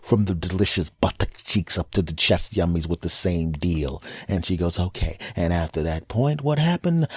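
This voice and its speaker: A man's voice: low voice, a little mellow, slightly rough, no echo. A man hosting a podcast, telling stories in a casual comedic monologue and repeating phrases for emphasis. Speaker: podcast host.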